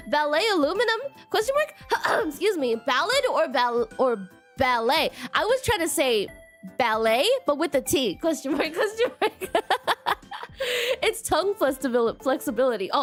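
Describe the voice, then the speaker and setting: A woman's voice: sits high, fairly bright tone. A woman streamer chatting casually and reading viewer messages aloud, giggling often and playfully repeating stock phrases.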